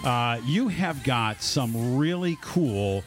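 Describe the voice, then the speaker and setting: A man's voice: medium pitch, lively intonation, soft background music. A man hosting a casual radio talk show, jokey and playful with his co-hosts. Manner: jokey, playful, quick to kid around.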